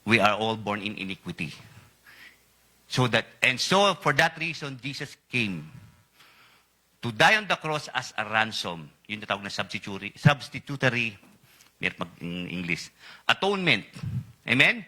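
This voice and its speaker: A male preacher with a Filipino accent delivers a sermon in a voice that is bright and piercing. His pitch swings widely, leaping up on the words he wants to stress, and he keeps checking in with the congregation for an answer. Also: big pitch swings, moderate pace, pauses often. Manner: switches between English and Tagalog, asks the congregation for responses; rises sharply in pitch on emphasized words.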